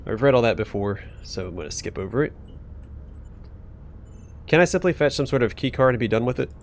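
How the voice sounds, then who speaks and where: A man's voice: medium pitch, animated, brisk, slight background noise. A man hosting a let's play, reading game text aloud and casually thinking aloud as he plays.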